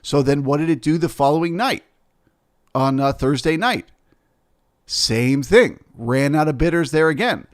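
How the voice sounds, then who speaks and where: A man's voice: on the high side, expressive, unhurried. A man teaching as a futures trader, explaining the market through rhetorical questions and frequent "right?" and "okay?" check-ins. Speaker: futures trader and trading educator.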